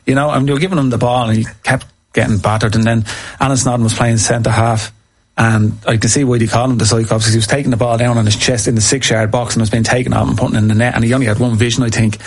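Husky man telling football stories. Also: medium pitch, quick pace. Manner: animated anecdotes, acts out quotes. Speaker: former footballer, podcast guest. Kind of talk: casual storytelling chat.

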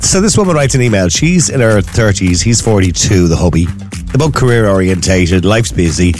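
A man with an Irish accent hosting a late-night radio talk show, chatting in a lively, rambling way with asides. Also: low-pitched, moderate pace, soft background music.

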